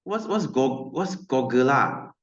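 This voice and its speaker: A man's voice: mid-range voice, very animated, takes it slowly, reverberant, highs cut off. A man with a Malaysian English accent teaching a science class, chatty and joking, laughing often and slipping into Malay.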